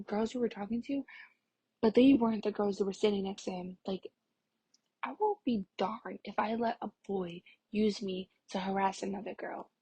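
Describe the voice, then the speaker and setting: A woman's voice: mid-range voice, mellow, husky, no echo. A young woman chatting casually to camera, telling a story with many fillers and now and then dropping to a whisper. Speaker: vlogger.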